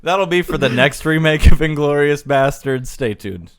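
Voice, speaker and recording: A man's voice: on the high side, moderate pace. A man co-hosting a podcast, chatting casually about a film, agreeable and easygoing as he chimes in. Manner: easygoing, agreeable, laughs along. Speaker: podcast co-host. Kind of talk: casual movie discussion.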